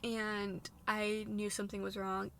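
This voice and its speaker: A young woman tells a personal story in a bright voice with a lot of vocal fry. She talks in long run-on sentences full of "like" and drops soft and low at the hard parts. Faint noise hangs under the recording. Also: completely flat delivery, unhurried. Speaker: vlogger sharing a personal story.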